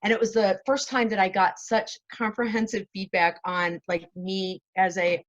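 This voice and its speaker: A woman's voice: medium pitch, fairly even intonation, moderate pace. A woman host, being interviewed, chatting casually and laughing at herself often over a video call. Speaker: show host, interviewed as guest.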